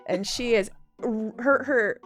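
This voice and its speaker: A woman running a tabletop game, describing scenes in a lively way. Her voice sits a little higher than most women's, and faint music plays behind her. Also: slow pace. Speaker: game master.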